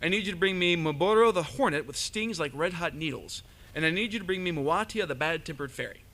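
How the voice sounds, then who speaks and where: A man's voice: a little high, expressive, quick pace, sharp tone. A man voicing a stingy, haughty male sky god who sets out his demands. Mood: demanding. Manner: commanding, listing demands.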